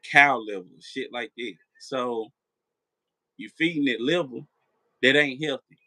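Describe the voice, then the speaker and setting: Talking a little slowly in a sharp-toned, medium-pitched voice, a live stream host chats with his viewers late at night. He rambles, goes over the same points and cusses, all captured in a dry, low-quality recording.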